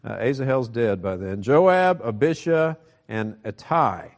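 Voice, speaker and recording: A man's voice: medium pitch, animated, a little slow. A male pastor preaching a sermon, explaining a scripture passage in a teaching manner.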